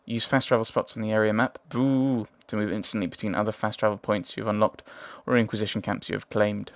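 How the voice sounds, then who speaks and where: A man's voice: lowish voice, level tone, a little fast, dry recording. A man hosting a let's play, thinking aloud in casual gameplay commentary, hesitant and often trailing off.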